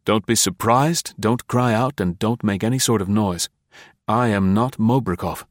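Man playing a curt commanding rescuer, low voice, dry audiobook. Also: unhurried, no echo, lightly acted. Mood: urgent. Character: cool commanding male rescuer in disguise.

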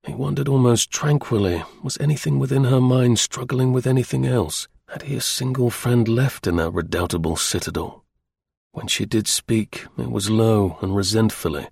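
Male audiobook narrator, husky and gravelly, measured literary delivery. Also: mid-range voice, a little mellow, dry recording, clean studio sound. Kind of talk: scripted narration.

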